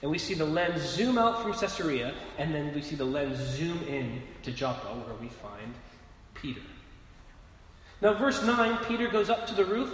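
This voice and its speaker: A man preaching a sermon in a conversational way, asking rhetorical questions and often restarting his words, in a church hall. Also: on the high side. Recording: echoey hall with long reverb, faint noise.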